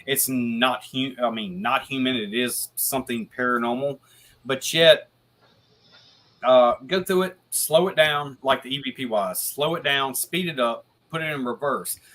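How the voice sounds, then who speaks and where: A man's voice: mid-range voice, a little slow, a bit bright. A man who is a guest paranormal investigator, talking casually on a video podcast and rambling with lots of restarts and casual swearing.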